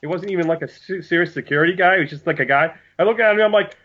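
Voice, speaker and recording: A man's voice: sits high, racing. A man on a podcast who tells a story in casual chat and acts out what people said. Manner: animated storyteller, acts out quotes. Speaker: podcast co-host. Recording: dull lo-fi sound.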